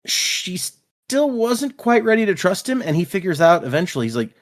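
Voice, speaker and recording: A man's voice: fairly high pitch, sing-song, fairly quick. A man co-hosting a casual book discussion podcast, animatedly retelling scenes and paraphrasing characters. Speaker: podcast co-host.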